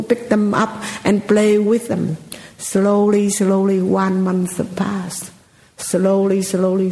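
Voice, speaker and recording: A woman giving a Buddhist teaching as a storytelling sermon, with slow, repetitive phrasing and rhetorical questions. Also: mid-range voice, darkish tone, reverberant, low-quality recording.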